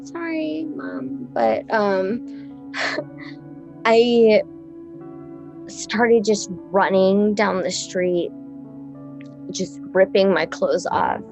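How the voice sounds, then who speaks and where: A woman in her thirties, a musician being interviewed, talking in a rambling, excitable way, swearing freely and laughing often. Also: mid-range voice, extremely slow, pauses often, faint music behind. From Texas. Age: 30s. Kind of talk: casual chat.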